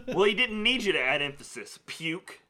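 A man's voice: high-pitched, sing-song, quick pace, sharp tone. A man co-hosting a casual movie chat podcast, swearing freely and laughing often. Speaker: podcast co-host.

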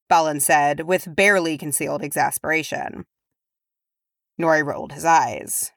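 A woman reading fan fiction aloud with steady, even narration. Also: deep voice, moderate pace, gravelly, dry recording, studio quality. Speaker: audiobook reader.

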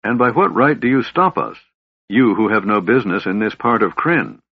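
A man's voice: on the low side, expressive, moderate pace, slightly rough, no room sound. A man voicing a proud, resentful male red dragon who speaks sternly and hisses, in an audiobook. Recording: dull lo-fi audiobook recording.

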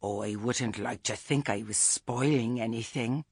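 A man voicing a formidable old witch who speaks quietly and meekly. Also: medium pitch, unhurried, vocal fry, husky, no room sound, clean studio sound. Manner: quiet, meek, mild.

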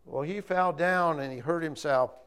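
A man's voice: fairly high pitch, normal speed, fairly bright tone, smooth. A man preaching an informal sermon, rambling and often correcting himself. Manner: rambling, self-correcting, chatty.

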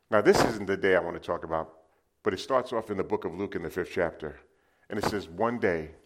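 A man preaching a sermon, telling lively stories and acting them out with sound effects. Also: low voice. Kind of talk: sermon with storytelling.

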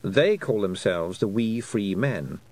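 A man reading an audiobook, voicing a small talking toad with a dry, slow, matter-of-fact manner. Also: on the low side, animated, darkish tone. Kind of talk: audiobook character voice.

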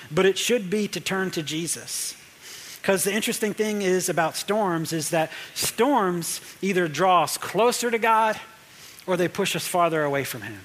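A man's voice: a little high, fairly bright tone. A man preaching a conversational sermon as a pastor, repeating phrases for emphasis.

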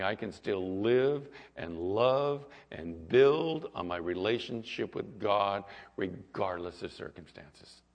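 A male pastor preaching a sermon and telling a story, moving between loud passages and hushed ones. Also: lowish voice. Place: church sanctuary. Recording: echoey hall, dull lo-fi sound.

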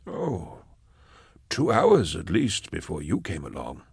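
A mysterious wanderer who speaks softly and slowly, floating up into a higher, lilting register, as a male narrator puts him on. The reading is close and dry, like an audiobook. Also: huge pitch swings, creaky, breathy edge, no room sound, full character voice. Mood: genial.

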